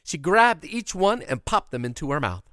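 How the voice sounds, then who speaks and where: A man telling a folksy childhood tale in an animated, expressive way. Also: on the high side, moderate pace, no echo, clean studio sound. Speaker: storyteller. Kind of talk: oral storytelling of a childhood tale.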